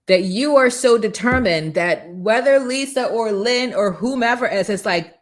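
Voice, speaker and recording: A woman hosting a live motivational morning show, coaching viewers and greeting them by name in an energetic, preachy way. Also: a little high, moderate pace. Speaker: host.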